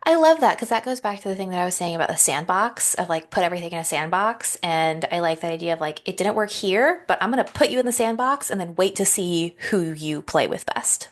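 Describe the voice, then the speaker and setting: A woman's voice: fairly low pitch, animated, fairly quick, hardly any pauses. A woman co-hosting a writing podcast, chatting casually and enthusiastically about craft advice she loved. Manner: enthusiastic, affirming, many "um"s. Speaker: podcast co-host. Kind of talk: casual chat.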